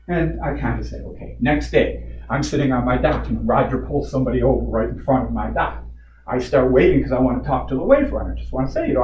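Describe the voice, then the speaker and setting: Speaking briskly in a mid-range, slightly mellow voice, a resident lays out his grievance before a community board at a public meeting, indignant and heavy on rhetorical questions. The audio has room echo, a far-off microphone, a dull quality, and a light hiss.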